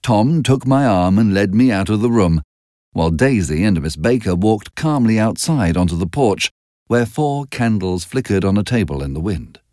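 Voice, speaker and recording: A man narrating a story aloud in a measured, expressive way. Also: lowish voice, dry recording, clean studio sound. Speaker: audiobook narrator.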